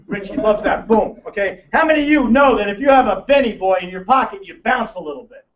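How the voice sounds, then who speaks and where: A man with a high, animated voice and a slightly fast delivery runs a brash, joking financial seminar, teasing the room as he goes. The recording sounds roomy, distant and muffled.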